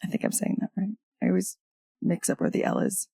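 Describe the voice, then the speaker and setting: A woman's voice: fairly low pitch, wildly swooping pitch, a little fast, creaky, mellow, husky, dry recording. A woman guest on a podcast telling a personal story of loss in casual conversation, candid, with wry humor breaking through the grief.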